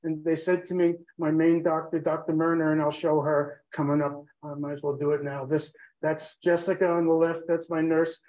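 Man, guest storyteller, warm dark tone, rambling and emotional. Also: a little high, rough recording. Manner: rambling, drifts off track, many fillers. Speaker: podcast guest telling his own story.

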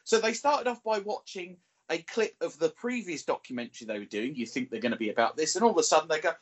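Husky male podcaster with an animated, lively delivery who rants when a show lets him down. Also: a little high, a little fast, hardly any pauses. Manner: exasperated ranting critique. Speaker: podcast reviewer. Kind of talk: casual chat.

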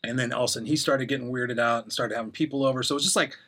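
A man's voice: medium pitch, fairly even intonation, very fast, fairly bright tone. A middle-aged man telling a rambling personal story as an interview guest, acting out the voices of people he quotes.

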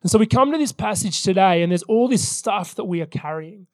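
Earnest high-voiced male pastor preaching. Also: animated, brisk, no room sound, studio quality. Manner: earnest, personal storytelling. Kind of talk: sermon. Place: church service.

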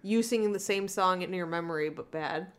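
Teasing, quick-laughing young woman podcaster. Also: on the low side, smooth. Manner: teasing, laughs easily, playful. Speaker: podcast co-host. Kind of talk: casual comedy podcast banter.

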